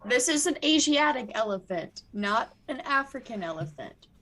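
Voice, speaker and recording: A woman's voice: fairly high pitch, big pitch swings, normal speed, pushed and bright. A woman playing a tabletop game, chatting playfully and giggling often. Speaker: player. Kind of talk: casual tabletop play.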